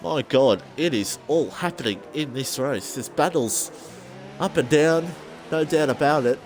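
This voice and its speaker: A man commentating a sim racing league race, excitable and self-deprecating, his voice jumping high when battles get close. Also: measured pace, a little hiss or hum.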